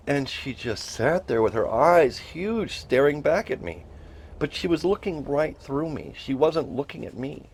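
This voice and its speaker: A man's voice: medium pitch, lively intonation, normal speed, a little mellow, husky. A middle-aged man telling a personal story with emotion, earnestly repeating phrases and rising into pleading.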